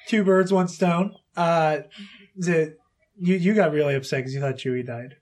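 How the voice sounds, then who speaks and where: A woman's voice: deep voice, normal speed, a little mellow. A woman hosting a podcast in casual chat, chatty, laughing often and restarting her sentences. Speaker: podcast host. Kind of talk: casual chat interviewing a child guest.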